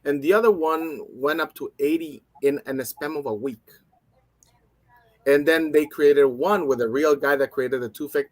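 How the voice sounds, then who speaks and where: A man's voice: mid-range voice, no room sound. A man in casual panel talk, rambling and repeating words.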